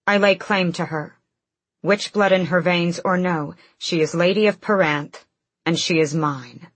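Woman reading a confident, playful young queen for an audiobook; low, husky, unhurried. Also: no room sound. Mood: firm. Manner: playful and teasing. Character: bold, teasing young queen with fiery temper.

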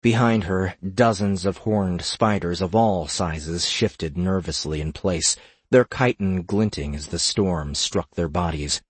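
A man narrating a fantasy audiobook in a measured, steady storytelling manner. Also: low-pitched, breathy edge, no room sound.

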